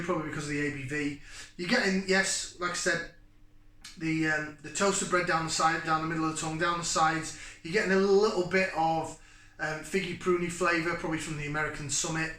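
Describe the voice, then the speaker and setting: Casual host thinking aloud with fillers; sharp, forceful tone, recorded off-mic. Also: male voice, a little high, fairly even intonation, fairly quick. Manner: rambling and chatty, thinking aloud with many fillers. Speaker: beer reviewer and channel host. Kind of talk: casual beer review to camera. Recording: echoey room, mic at a distance.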